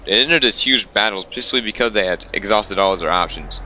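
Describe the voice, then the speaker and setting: A man's voice: fairly low pitch, a little fast, pushed and bright, slight background noise. A young man reading a visual novel aloud, stumbling over lines and breaking off for wry asides. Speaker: let's player.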